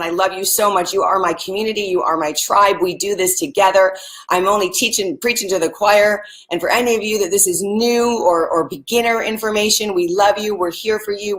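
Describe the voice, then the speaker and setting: A woman's voice: mid-range voice, a bit bright. Earnest woman teaching gratitude live. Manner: earnest, speaks straight to viewers, repeats phrases like mantras. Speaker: spiritual teacher. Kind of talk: live-streamed motivational teaching.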